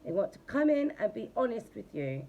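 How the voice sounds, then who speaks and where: A woman's voice: on the high side, very animated, fairly quick, a little mellow, muffled recording. A woman giving a casual tarot reading. She talks bluntly and chattily, and she swears freely. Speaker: tarot reader.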